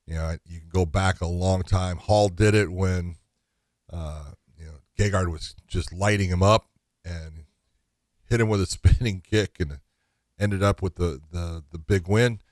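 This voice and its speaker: A man's voice: sits low, steady tone, measured pace, a little mellow, no echo. A man co-hosting a podcast in casual chat, blunt and emphatic, swearing freely. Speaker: podcast co-host.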